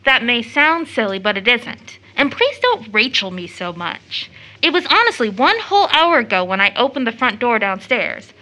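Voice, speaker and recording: A woman playing a lively, affectionate young woman who teases and gushes in a stage play reading. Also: on the high side, moderate pace, full character voice, rough recording. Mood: excited. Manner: effusive, gushing, teasing.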